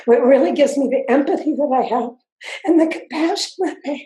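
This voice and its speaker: A woman's voice: high-pitched, mellow. Earnest older woman in a roomy space. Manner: earnest, intense, halting with repeats. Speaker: interview guest. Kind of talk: personal testimony. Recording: roomy echo.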